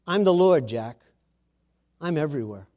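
A man voicing God as a calm, patient presence who reassures a frightened man. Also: on the high side, moderate pace, close to an everyday voice.

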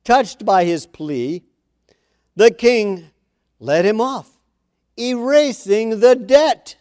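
A man's voice: sits high, expressive, extremely slow, a little mellow, dry recording, studio quality. A man preaching a sermon, reading scripture aloud and pressing his points with repeated phrases and questions to the congregation. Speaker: pastor.

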